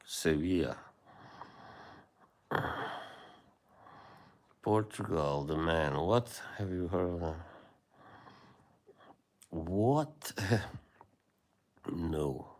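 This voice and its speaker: A man hosting a livestream, chatting casually with viewers in a rambling, hesitant way with many fillers and soft laughs. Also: sits low. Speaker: livestream host.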